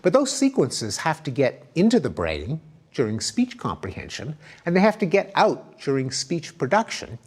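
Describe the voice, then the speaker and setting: Man, lecturer, husky, animated delivery, emphatic examples. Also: on the high side, moderate pace. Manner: lively, emphatic explaining with spoken examples. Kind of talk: academic lecture.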